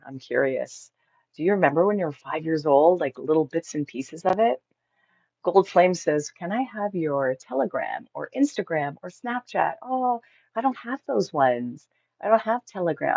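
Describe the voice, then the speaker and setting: A woman's voice: low-pitched, no echo, highs cut off. Chatty woman hosting a livestream. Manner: chatty, reads comments aloud with bright exclamations. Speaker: livestream host reading viewer comments. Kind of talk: casual livestream chat.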